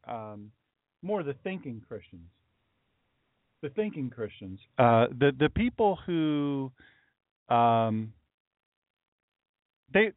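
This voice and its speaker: Rambling middle-aged pastor, tinny audio. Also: male voice, a little high, no room sound. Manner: rambling, folksy, chatty asides. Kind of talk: casual livestream talk with chat. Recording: dry, phone-like lo-fi audio.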